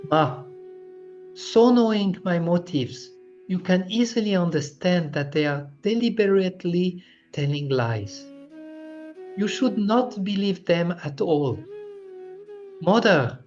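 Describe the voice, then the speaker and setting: A cheeky little cowherd boy, as a male reader voices him, full of defiance and quick to shout back taunts. His lines leap up high and loud with a lively, swinging pitch. The storybook reading has a dull lo-fi sound with faint music underneath. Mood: pleading.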